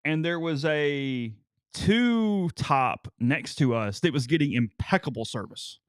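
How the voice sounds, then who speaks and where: A man's voice: a little high, lively intonation, a little slow, smooth, no echo, clean studio sound. A male co-host in a casual chat, telling long stories and stammering on repeated words.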